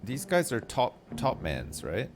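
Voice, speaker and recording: A male streamer talks slowly through a puzzle game, musing over each clue out loud. His pitch moves up and down a lot. Game music plays clearly behind him. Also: huge pitch swings. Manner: thinking aloud, musing over clues. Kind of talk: gameplay commentary.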